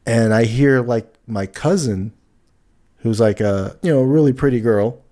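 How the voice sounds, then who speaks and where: A man's voice: mid-range voice, unhurried, warm tone. A man co-hosting a casual podcast, easygoing and laughing often while he tells stories. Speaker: co-host, musician.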